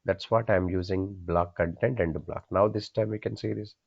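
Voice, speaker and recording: A man with a very low voice teaches a coding class in plain classroom speech. He asks his students questions, answers them himself and says each key point twice. The recording sounds dull and lo-fi. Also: fairly even intonation, normal speed, creaky. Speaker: programming instructor.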